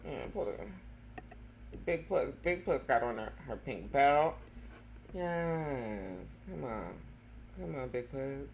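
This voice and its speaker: A woman hosts a live commentary show in a low, slow voice with a gravelly fry running under it. She talks with plenty of sass, drawing out her slang and calling everyone honey. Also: animated, a little mellow, a little hiss or hum. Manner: sassy, calls listeners honey, drawn-out slang. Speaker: host.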